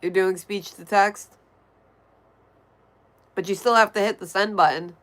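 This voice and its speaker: In an unhurried way, a woman chats on her livestream, answering viewer messages as she reads them. Her nasal voice is medium-pitched and a bit bright, with a steady tone.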